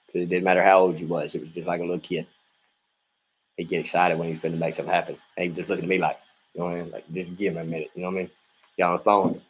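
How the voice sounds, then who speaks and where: Low voiced guy rambling through a story real fast, lots of "you know what i mean". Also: breathy edge, poor audio. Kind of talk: personal storytelling.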